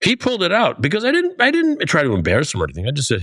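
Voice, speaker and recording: A man in his fifties co-hosts a podcast in a casual chat. He tells stories with a lively, swinging pitch and slips into the voices of the people he quotes. The sound is dry and close. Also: rapid-fire, no room sound. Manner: animated storytelling, acts out quoted lines. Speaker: podcast co-host.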